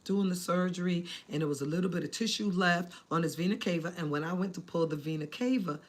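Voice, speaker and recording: Lady doing a serious surgeon guy, quiet and grave. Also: lowish voice, fast talker, close to an everyday voice. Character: grave male surgeon breaking bad news.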